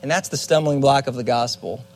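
A young man giving a Bible teaching sermon as a youth pastor, earnest and conversational with dramatic pauses. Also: medium pitch, darkish tone.

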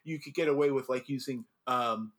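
A man hosting a casual chat, telling animated stories full of restarts and laughter as a former judge. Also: mid-range voice, normal speed. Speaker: podcast host and former drum corps judge.

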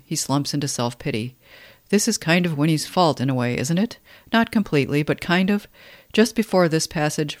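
A man's voice: on the high side, no room sound, clean studio sound. A man commenting wryly on a novel and reading passages from it in a conversational way. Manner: wry, conversational commentary between read passages. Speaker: literary commentator.

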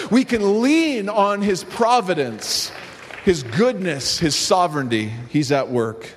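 A pastor preaches in a church sanctuary with the long reverb of a large hall, his voice high, husky, slow, and sing-song. He tells a story and then builds to fervent emphasis.

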